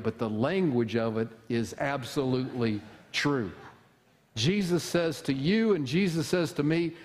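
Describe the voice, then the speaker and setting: A man preaching a conversational sermon in a church, asking the congregation rhetorical questions. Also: medium pitch. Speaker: pastor. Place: church sanctuary. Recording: long hall reverb.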